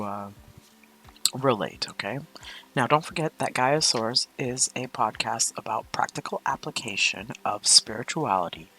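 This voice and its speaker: A woman's voice: very deep voice, sharp tone. A woman hosting a spiritual coaching podcast, talking in a candid, chatty, confessional way. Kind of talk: casual spiritual podcast monologue.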